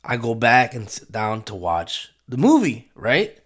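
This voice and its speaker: A man's voice: mid-range voice, huge pitch swings, measured pace, a bit bright. A young man telling a rambling, profane story in a casual way, slipping into Spanish phrases.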